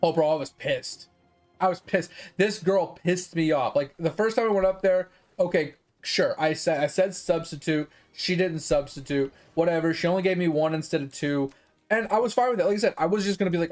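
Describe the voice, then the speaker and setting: A man with a fairly high voice rants on in loose, casual talk. He is a game streamer, worked up and exasperated. He swears freely as he argues his point. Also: fairly quick. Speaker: gaming streamer. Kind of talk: casual chat.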